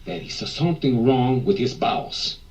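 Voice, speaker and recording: A man's voice: mid-range voice, normal speed, a little mellow, lo-fi sound, natural voice. An actor playing a fussy, mannered nobleman who talks in an exaggerated way, from a film soundtrack. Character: mannered nobleman coaching an accent. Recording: roomy film audio.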